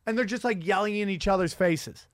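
Guy with a high voice, swearing a lot, rambling podcast stories, dry close mic. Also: brisk, no echo. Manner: animated, profane, rambling storyteller. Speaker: podcast host and comedian. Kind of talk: crude casual chat.

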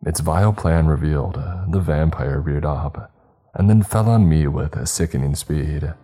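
A man narrating a horror story in a slow, grave, measured way. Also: rumbling low, mellow, faint music behind.

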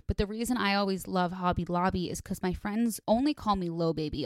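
A woman's voice: fairly low pitch, dry recording, clean studio sound. A young woman hosting her podcast, telling stories in a chatty, self-deprecating way full of tangents. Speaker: podcast host. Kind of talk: casual storytelling monologue.

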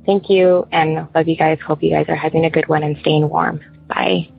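A woman's voice: deep voice, flat delivery, normal speed, gravelly, breathy edge, faint music behind. A woman calling in to tell a personal story, rambling with lots of fillers. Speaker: caller. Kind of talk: casual phone-in storytelling. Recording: tinny phone line with faint hiss.

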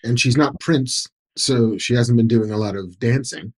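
A man's voice: medium pitch, moderate pace, breathy edge. A man co-hosting a podcast, offering short reactions and a dry quip. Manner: brief listener reactions, dry quips. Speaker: podcast co-host. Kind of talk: casual chat.

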